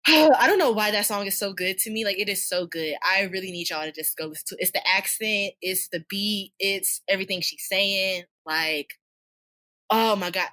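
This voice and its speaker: A woman co-hosting a casual podcast chat, animated and slangy, laughing often. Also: medium pitch. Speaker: podcast co-host.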